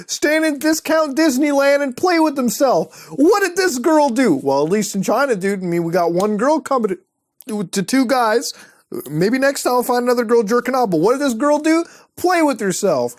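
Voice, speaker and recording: An online video host with an extremely high-pitched voice browses websites while giving excitable, profane commentary and laughing often.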